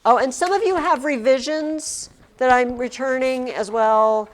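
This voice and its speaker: A woman teaching a class in a chatty, rambling way, cutting herself off and starting over. Her voice sits a little high. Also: a little slow. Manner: chatty, rambling, self-interrupting.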